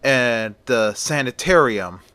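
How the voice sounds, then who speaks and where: A man's voice: medium pitch, animated, takes it slowly, sharp tone, smooth, no room sound. Doctor Seward, a man doing an easygoing polite doctor. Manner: polite and agreeable.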